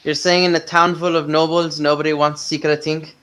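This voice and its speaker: A man's voice: fairly high pitch, level tone, a little fast, a bit bright, a little hiss or hum. A man talking casually as a player in a tabletop game, stumbling over his words. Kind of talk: tabletop role-play over voice chat.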